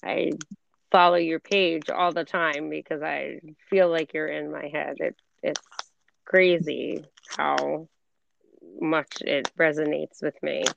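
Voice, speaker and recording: An American woman in her forties hosts a chat over a call, effusive and tripping over her own repeated starts. Her voice is low with a gravelly edge. The audio is dry and a little dull, like a lo-fi call line. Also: steady tone, slow, slight background noise. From United States. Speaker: podcast host. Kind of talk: casual conversation. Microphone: phone or call recording.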